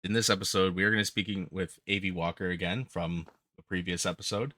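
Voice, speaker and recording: A man's voice: deep voice, steady tone, fast talker, sharp tone, no echo, clean studio sound. A man hosting a podcast, talking casually and bluntly with frequent ums. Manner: blunt, candid, with filler ums. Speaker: podcast host.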